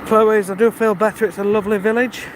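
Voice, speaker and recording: A British man walking outdoors on a dark rural road talks fast and flatly in a high voice to his live stream, reading chat and thinking aloud in a casual, friendly way. Faint outdoor sounds of birds and passing cars sit in the background.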